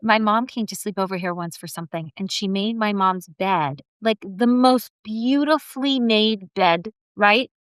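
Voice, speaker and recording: A woman guest on a podcast, chatting about family in a relaxed, proud, storytelling way. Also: medium pitch, a little slow, hardly any pauses, clean tone, dry recording, studio quality. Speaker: interview guest, mortgage lending executive. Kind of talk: casual conversational interview.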